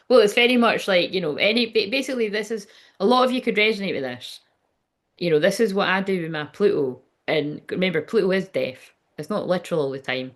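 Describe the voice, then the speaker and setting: A woman's voice: low-pitched, a bit bright. A woman, hosting a casual livestream as a psychic medium, chatty and rambling, swearing and laughing as she goes.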